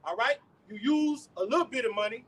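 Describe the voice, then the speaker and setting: High-voiced man preaching outdoors. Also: fairly quick, a bit bright. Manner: profane, asks the crowd rhetorical questions. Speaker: street preacher. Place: outdoors on a street. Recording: distant mic, faint street noise.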